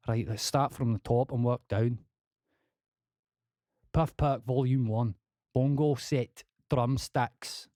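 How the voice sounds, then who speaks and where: This clean, dry studio recording captures a medium-pitched young man, a composer chatting casually with his stream as he works software. Heavy swearing, self-mockery, and a put-on Scottish accent run through his talk.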